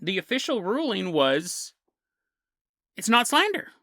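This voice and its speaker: Guy hosting a podcast, bouncy lively delivery, bright voice, keeps chuckling at his own jokes. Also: sits high, a little slow, no room sound, studio quality. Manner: chuckles through jokey asides. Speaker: podcast host. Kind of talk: comedic storytelling.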